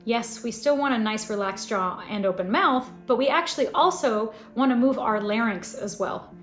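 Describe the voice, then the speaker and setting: A woman voice teacher giving a scripted singing lesson, explaining clearly and now and then demonstrating sounds. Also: fairly high pitch, expressive, moderate pace, reverberant, soft background music. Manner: clear instructive delivery with sung demonstrations.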